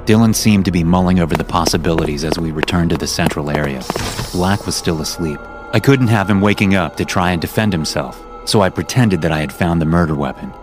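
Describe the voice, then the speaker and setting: A man narrating a first-person horror story for a podcast, reading it as a script and lifting his voice for the quoted lines. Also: fast talker. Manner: acts out quoted lines louder and higher. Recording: music playing under the voice.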